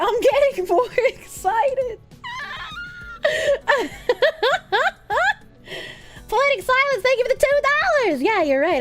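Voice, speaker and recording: A woman streaming live, chatting casually and reading donations, crude and giggly with bursts of laughter. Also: very high-pitched.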